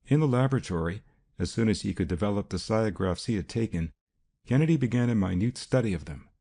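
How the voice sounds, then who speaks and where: A man narrating a detective audiobook in a steady, even reading style. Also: fairly low pitch. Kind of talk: scripted narration.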